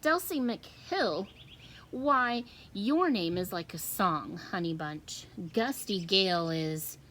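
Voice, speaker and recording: A woman voicing a fond, talkative grandmother who speaks slowly and warmly affectionate. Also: on the low side, expressive, slight background noise.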